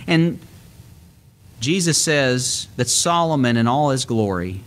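Middle-aged male preacher, earnest, explanatory; voice lifts on scripture quotes, mid pitch. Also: big pitch swings, unhurried. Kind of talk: sermon.

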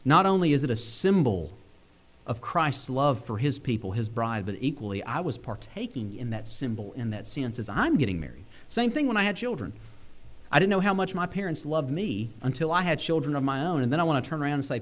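A young male preacher, delivering a sermon. He is a bit sick, and his delivery swings in pitch and pace, with frequent chuckles. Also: sing-song, fairly quick. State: sick, using cough drops.

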